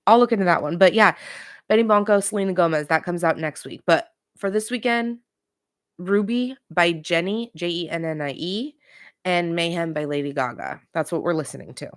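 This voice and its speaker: Chatty woman host with a lowish voice. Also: moderate pace, no room sound, clean studio sound. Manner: chatty and opinionated, talks straight to viewers. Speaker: pop culture podcast host. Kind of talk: casual recap and commentary.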